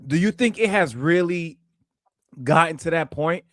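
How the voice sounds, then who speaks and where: A man's voice: fairly high pitch, a little slow, dry recording. Chatty man co-host, dry close sound. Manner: chatty, asks questions, laughs often. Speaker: podcast co-host. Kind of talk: casual sports chat.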